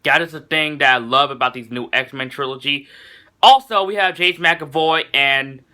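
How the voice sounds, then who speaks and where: A man's voice: fairly high pitch, moderate pace, pushed and bright. A young man giving a casual, enthusiastic movie review, rambling and often correcting himself.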